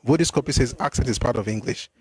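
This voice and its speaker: A man hosting a live stream, answering viewer comments in an animated, exclamatory way, often repeating himself. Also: medium pitch, quick pace, husky. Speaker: host.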